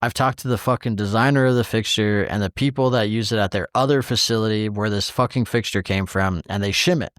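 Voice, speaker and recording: A man's voice: fairly low pitch, brisk, few pauses, fairly bright tone, no room sound, clean studio sound. A man co-hosting a podcast in casual chat, telling an exasperated story with heavy swearing and acting out the quoted exchanges. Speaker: podcast co-host.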